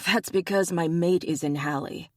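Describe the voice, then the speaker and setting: A man's voice: fairly high pitch, moderate pace, no echo, studio quality, close to an everyday voice. An audiobook narrator voicing a blunt, stubborn young male bear shifter who swears and pushes back defensively.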